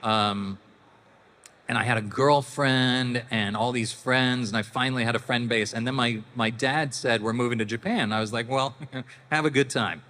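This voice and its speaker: A man's voice: medium pitch, steady tone, moderate pace, sharp tone. A middle-aged man from Canada, a panel guest telling stories casually and animatedly to a convention audience, with laughs and acted-out voices. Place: large convention hall. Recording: reverberant hall with faint noise.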